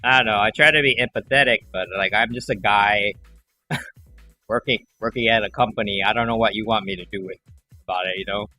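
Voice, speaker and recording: Male streamer, lowish bright voice, rambling casual chat, faint music underneath. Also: fairly quick. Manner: rambling, acts out callers in animated voices. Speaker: livestream host.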